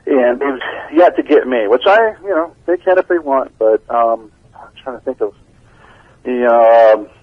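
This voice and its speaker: A man's voice: mid-range voice, normal speed, dry recording. Laid-back man telling stories over a dull phone line. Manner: laid-back storyteller, laughs often. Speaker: band bassist, interview guest. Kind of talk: casual phone interview.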